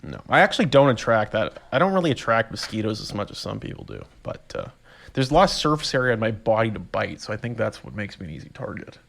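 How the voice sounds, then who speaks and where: Young dude rambling on his podcast, super lively up and down voice, laughs at himself. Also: on the low side, fast, creaky. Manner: rambling, animated storytelling with laughs and voiced reactions. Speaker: podcast host. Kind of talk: casual solo monologue.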